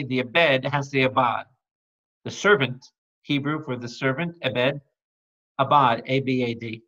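A man's voice: mid-range voice, a bit bright. A man, a priest, teaching a Bible study in a playful, exclamatory way, quizzing his listeners and making sound effects. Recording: dull lo-fi recording.

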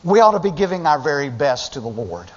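A man's voice: fairly high pitch, big pitch swings, fairly quick. A male pastor preaching a sermon with passion, stumbling over restarts and acting out the voices of people in the story. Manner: impassioned, acts out quoted voices, stammering restarts. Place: church sanctuary. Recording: dull sound in a long-reverb sanctuary.

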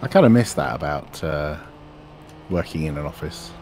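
A man's voice: extremely low pitch, animated, normal speed, darkish tone, slight background noise. A man telling office prank stories in casual chat, laughing along as he goes. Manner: laughs through anecdotes. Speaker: stream co-host.

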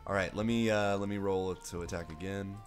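A man playing a tabletop game, talking excitably and breaking into sudden loud bursts. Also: low voice, brisk, soft background music. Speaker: player.

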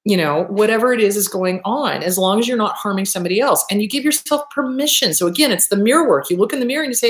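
A woman's voice: medium pitch, lively intonation, fast talker, hardly any pauses. Blunt, profane woman therapist. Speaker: therapist, show host. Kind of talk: casual monologue advice. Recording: echoey room.

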